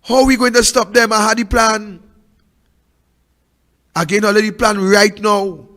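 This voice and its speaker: Speaking in a large hall, this high-sitting, steady-toned man talks at an unhurried pace. He hosts a political talk show with a Trinidadian accent, delivering impassioned, preachy commentary laced with rhetorical questions and shifting from loud to hushed.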